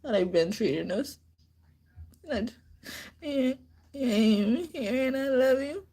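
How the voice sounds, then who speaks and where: A woman with a higher-pitched, mellow voice talks slowly but with animation as she gives a tarot reading on a live stream. Her delivery rambles loosely, full of restarts, with laughter between sentences.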